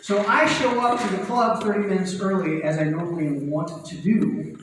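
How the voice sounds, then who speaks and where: Stand-up comic from Indiana, chatty storyteller, high voice, big reverberant hall. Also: male voice. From Indiana, USA. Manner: quick, conversational storytelling. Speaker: stand-up comedian. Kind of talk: stand-up set. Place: large theater stage. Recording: echoey theater, far from mic, noisy.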